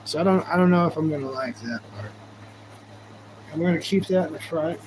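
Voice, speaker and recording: A man's voice: on the high side, fairly quick, noisy background. A man chatting casually on a live stream, rambling and goofy, thanking viewers as he goes. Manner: goofy, rambling, talks to chat.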